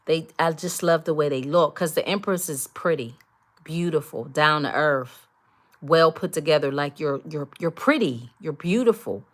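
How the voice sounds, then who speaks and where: A woman's voice: low-pitched, normal speed. A woman doing a collective tarot reading, speaking emphatically and repetitively straight to her viewers. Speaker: tarot reader.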